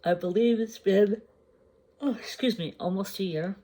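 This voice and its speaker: A woman crafting vlogger chatting casually to the camera. She shows her projects at an unhurried pace, pausing to gather her thoughts and sometimes asking the viewers questions. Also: medium pitch, dark tone. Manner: unhurried, chatty, meandering with pauses. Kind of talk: casual show-and-tell chat to camera.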